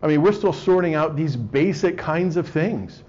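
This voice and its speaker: A man giving a wry, joking lecture to a live audience, often clearing his throat. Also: fairly high pitch, animated, normal speed, darkish tone. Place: room with an audience. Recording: slightly dull lo-fi recording.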